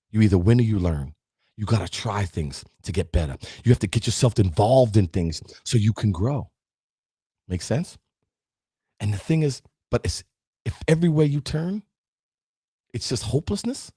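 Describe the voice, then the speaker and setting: Emphatic motivational man, husky and lively. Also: lowish voice, no room sound, studio quality. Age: middle-aged. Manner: preachy, emphatic, addresses listeners directly. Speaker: podcast host. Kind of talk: motivational talk.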